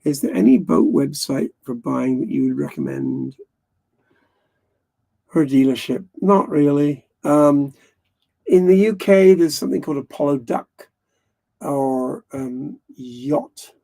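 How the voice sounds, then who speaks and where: A man's voice: on the high side, animated, slow, creaky, warm tone. A man hosting a live stream, chatting casually in a rambling way, often correcting himself and laughing. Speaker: livestream host.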